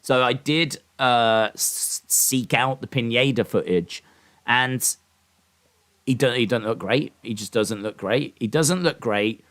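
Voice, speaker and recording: A man's voice: mid-range voice, slow, fairly bright tone. A man hosting a casual live stream, talking in a rambling, opinionated way with lots of ums and restarts. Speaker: live-stream host reacting to wrestling and boxing.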